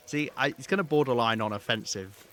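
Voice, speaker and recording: A man giving live gameplay commentary, rambling and thinking aloud with hesitant pauses. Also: mid-range voice, a little hiss or hum. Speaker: game streamer.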